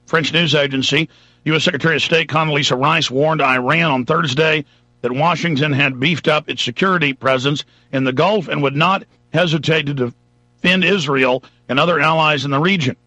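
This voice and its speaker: A man's voice: fairly high pitch, moderate pace, bright, forceful tone, dry recording. A man hosting a talk radio show, delivering an emphatic, ranting monologue. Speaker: radio host.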